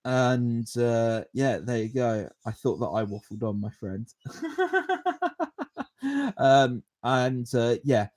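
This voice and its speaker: A man in his twenties talks casually on his own podcast. He spins a long anecdote and answers viewer questions with lots of fillers and chuckles. His voice sits at an ordinary middle pitch. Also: measured pace, few pauses. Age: 20s. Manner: rambling, animated, chuckles often. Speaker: podcast host.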